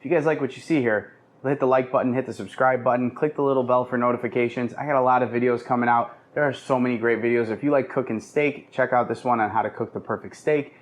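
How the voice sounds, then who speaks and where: A man's voice: mid-range voice, fairly even intonation, quick pace. A man hosting a cooking video, explaining each step in an upbeat, casual way as he cooks in a kitchen. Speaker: cooking show host.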